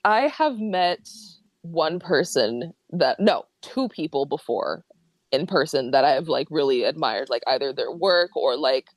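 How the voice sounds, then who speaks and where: A drag king guest in a casual podcast interview, excitable and rambling, self-deprecating and quick to laugh. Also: low-pitched, dry recording. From Ohio.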